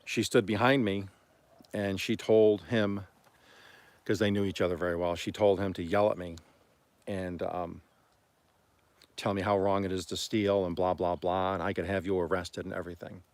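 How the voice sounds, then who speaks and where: Man, from Oklahoma, livestream host, casual storytelling, folksy and rambling, lowish pitch. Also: level tone, moderate pace, pauses often, darkish tone, dry recording. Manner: rambling, folksy, frequent throat-clearing.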